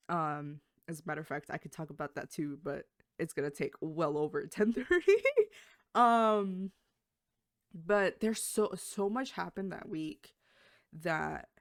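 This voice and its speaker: A young adult woman, a podcast co-host, casually telling work stories in an animated way, swearing and acting out the voices of people she quotes. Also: on the low side, no echo, clean studio sound. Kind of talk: casual storytelling chat.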